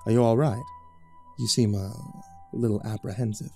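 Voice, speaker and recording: A man playing a pious, flattering southern gentleman with a thick put-on drawl, sounding earnest. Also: fairly low pitch, normal speed, soft background music, natural voice. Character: smooth-talking fake southern preacher-type gentleman.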